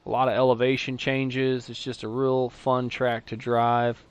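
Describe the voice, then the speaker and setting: A man with a Texan accent calling a sim racing league live, chatty between races and excitable play-by-play once the lights go out. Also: medium pitch, unhurried, clear, resonant tone. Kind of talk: live esports race commentary.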